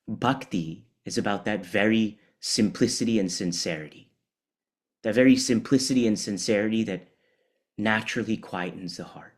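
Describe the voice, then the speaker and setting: Man, devotional storyteller, low-pitched, animated and conversational. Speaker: speaker at a temple celebration.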